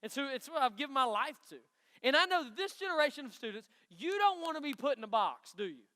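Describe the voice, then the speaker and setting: High, bright East Tennessee country preacher. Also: male voice, very animated, quick pace. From Knoxville, Tennessee. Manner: chatty, folksy, asks the crowd questions. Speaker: youth pastor. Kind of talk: youth sermon. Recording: long hall reverb.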